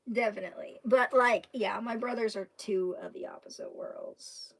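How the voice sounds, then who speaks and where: Slightly high and creaky, this woman's voice carries a Southern accent from Kentucky as she rambles through a story for her livestream viewers. She laughs a lot, restarting sentences and drawing out words.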